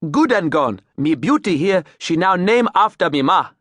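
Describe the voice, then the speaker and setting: A man voicing a lean, grinning boat captain with a Creole accent, talking loud in clipped broken English. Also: high voice, expressive, moderate pace, no room sound, pitched above the performer's own voice. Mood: boisterous.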